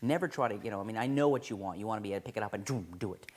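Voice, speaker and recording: A man with a fairly low voice teaching card sleights in a casual video tutorial. He talks in an enthusiastic, conversational way, restarting phrases as he goes. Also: very fast, a little mellow. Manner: enthusiastic, conversational, self-correcting.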